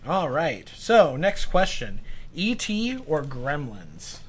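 Higher-voiced man hosting a casual chat. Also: sing-song, slow, slightly rough.

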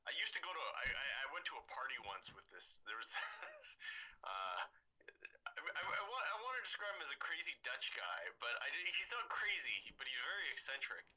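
A man guesting on a podcast as a physicist, eager and quick to laugh, tripping over his words when he gets excited. His voice is very bright with a husky edge. It rises fairly high and moves around a lot. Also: rough recording. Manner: enthusiastic storyteller, laughs often, stammers on restarts. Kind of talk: casual podcast interview.

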